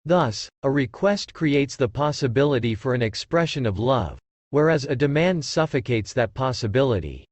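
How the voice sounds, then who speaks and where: Calm man reading a book summary. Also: mid-range voice, normal speed, no room sound. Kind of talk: scripted narration of a book summary.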